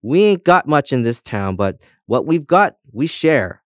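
Guy doing a hearty jokey cowboy sheriff specs, bright and up high, folksy drawl. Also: very animated, measured pace, no room sound, clean studio sound. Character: cheery, folksy male spectacles sheriff in a cowboy town.

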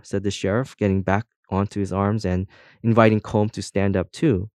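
A man reads a children's story aloud, steady and measured. His voice sits low. The recording is dry and close. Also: clear, resonant tone, no room sound. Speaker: narrator. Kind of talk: storybook reading.

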